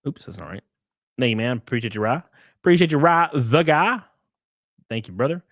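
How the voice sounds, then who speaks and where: A man's voice: mid-range voice, animated, moderate pace, a bit bright, no echo, clean studio sound. A man hosting a casual live stream, joking and rambling as he thanks viewers. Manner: joking, rambling, often laughing.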